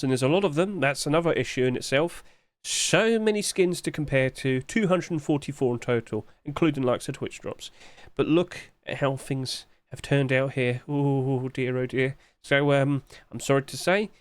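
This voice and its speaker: A man's voice: a little high, no echo. A man who hosts a commentary channel and thinks aloud in a chatty way while talking through sales figures. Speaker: game market analyst. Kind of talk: screen-share commentary.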